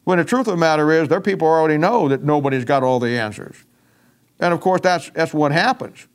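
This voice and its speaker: A man's voice: fairly high pitch, expressive, brisk, clean tone. A man preaching a folksy, emphatic sermon-style Bible teaching, with frequent restarts.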